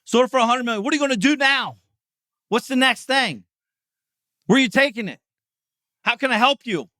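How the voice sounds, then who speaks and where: A middle-aged man hosting a podcast, delivering an intense, profane motivational monologue, often yelling. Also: very high-pitched, animated, brisk, no room sound, studio quality. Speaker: podcast host.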